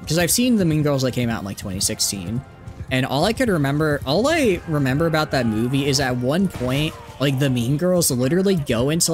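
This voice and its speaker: A man streaming a game live, giving playful, rambling commentary full of "like" fillers. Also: mid-range voice. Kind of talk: casual live gameplay commentary.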